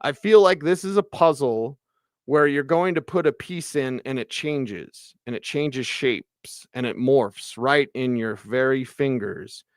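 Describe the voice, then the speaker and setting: A man hosting a postgame sports radio show, ranting with animated exasperation and sarcastic asides. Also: fairly high pitch, clean tone, no room sound, clean studio sound. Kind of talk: postgame sports talk monologue.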